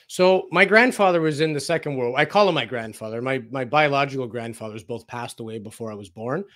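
A man's voice: mid-range voice, fairly quick, fairly bright tone. Man telling stories in an interview. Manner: anecdotal, acts out quoted dialogue, frequent fillers. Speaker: interview guest, researcher. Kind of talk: casual storytelling in a radio interview.

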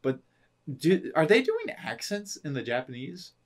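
A man's voice: on the high side, wildly swooping pitch, a little slow. A man co-hosting a casual podcast, talking in rambling bursts with frequent restarts and laughter. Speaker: podcast co-host. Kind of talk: casual chat.

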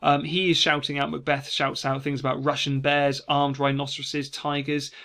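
A man, a teacher giving a casual revision lesson and reading quoted lines with lively emphasis. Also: on the high side, moderate pace. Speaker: English teacher.

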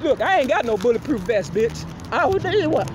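A high-pitched woman shouts a loud, confrontational, profane rant. She repeats her taunts over and over. The recording is made outdoors, with traffic and car noise clearly audible behind her. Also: very animated, a little fast. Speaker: vlogger. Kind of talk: angry street rant.

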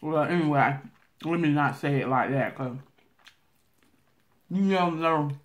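A woman with a Southern country drawl, telling a story casually as a vlogger while eating on camera, talking loudly and laughing loud. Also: low-pitched, a little slow.

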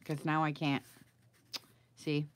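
Her voice is low and monotone, and she takes her time. She's a middle-aged craft video maker chatting through a live project and asking her audience for advice, with slight noise in the background.

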